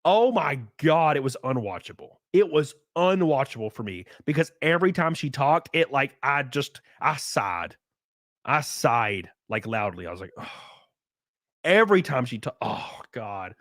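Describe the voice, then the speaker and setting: A man's voice: mid-range voice, normal speed, no echo, studio quality. A man with an Alabama accent, stuffy from a runny nose, ranting in a casual, profane way on his livestream. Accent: Southern US, Alabama. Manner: animated, profane, mocking. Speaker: streamer host.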